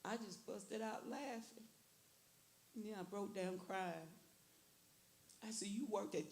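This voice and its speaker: Lady giving her testimony at church, gravelly voice, lots of repeating herself, echoey room. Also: medium pitch. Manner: earnest, repeats phrases, quotes herself and her prayers. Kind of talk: emotional personal testimony in church. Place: church sanctuary. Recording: echoey church with faint hiss.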